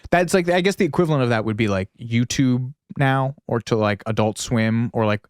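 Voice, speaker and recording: A man co-hosting a podcast, talking in a loose, rambling way that is full of filler words and the odd swear. His voice sits at an average pitch, and the sound is dry and close, with no room echo. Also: fairly quick, smooth. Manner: rambling, riffing, with lots of "like" and swearing; laughs at his own jokes. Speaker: podcast co-host. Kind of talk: casual podcast chat.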